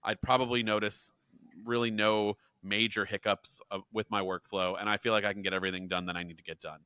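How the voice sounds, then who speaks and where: A man co-hosting a tech podcast, talking in a chatty, animated way with frequent restarts. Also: fairly low pitch, brisk, clear, resonant tone, dry recording, studio quality. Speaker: podcast co-host. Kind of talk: casual tech chat.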